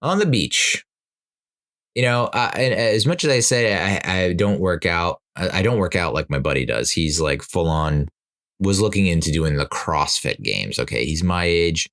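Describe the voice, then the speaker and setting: A man's voice: low-pitched, a bit bright. A middle-aged man hosting a podcast, telling a rambling, self-mocking story in casual monologue, laughing at himself. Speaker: podcast host.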